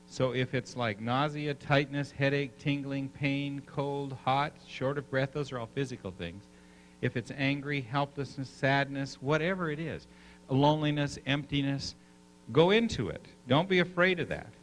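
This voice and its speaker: A man leading a live seminar, an animated storyteller who coaxes the audience with questions. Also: medium pitch, moderate pace, slight background noise, poor audio. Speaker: seminar speaker.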